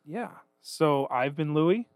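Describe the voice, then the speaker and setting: A man's voice: fairly high pitch, expressive, slow, darkish tone, no echo. A man in his thirties, a podcast co-host talking casually, self-deprecating and swearing a lot. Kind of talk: casual chat.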